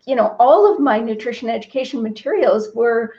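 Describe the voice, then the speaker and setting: A woman's voice: a little high, animated, a little fast, dark tone, slight background noise. A middle-aged woman from Canada, a registered dietitian and author, speaking earnestly and reflectively as a guest in a video-call interview. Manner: earnest, reflective, moved to tears at moments. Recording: slightly dull lo-fi audio.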